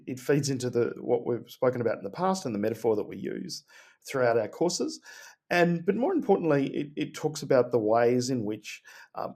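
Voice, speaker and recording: A man co-hosting a podcast, speaking earnestly with frequent pauses and restarts. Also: medium pitch, a little mellow. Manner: hesitant, many fillers and restarts, earnest. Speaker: podcast co-host. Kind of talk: casual podcast chat.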